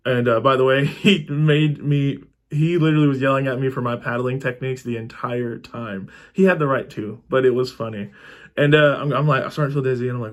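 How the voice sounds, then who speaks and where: A young man telling a personal story in a casual, animated way, swearing freely and acting out what people said. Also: mid-range voice, quick pace. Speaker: storytelling vlogger.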